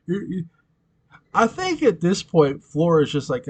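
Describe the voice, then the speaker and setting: A man's voice: a little high, very animated, unhurried, a little mellow, slight background noise. Giggly man rambling through a fan recap. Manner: giggly, rambling, frequent laughter and self-corrections. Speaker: fan commentator recapping episodes.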